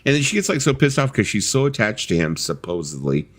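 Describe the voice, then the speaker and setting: A man's voice: fairly low pitch, big pitch swings, fast. A middle-aged man co-hosting a casual live stream chat, telling rambling stories and acting out what others say. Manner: rambling storytelling, acts out quoted voices.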